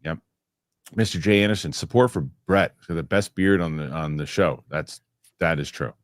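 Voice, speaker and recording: A low-voiced man hosts a live talk show and reads viewer comments aloud, one after another. He rambles and restarts his sentences, and he gets heated over small pet peeves. The sound is dry and close, with no room in it. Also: normal speed, no room sound. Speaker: show host.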